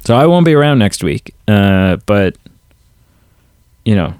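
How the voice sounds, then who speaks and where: A man's voice: lowish voice, sing-song, unhurried, darkish tone, clean tone, dry recording, studio quality. A man co-hosting a casual movie podcast, rambling with lots of fillers and restarts. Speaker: podcast co-host.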